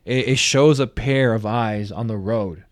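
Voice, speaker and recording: A young man co-hosting a podcast, excitedly recapping a horror episode, swearing and acting out reactions. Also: lowish voice, measured pace, no room sound, clean studio sound. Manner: animated, swears a lot, acts out reactions. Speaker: podcast co-host. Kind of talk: casual spoiler review chat.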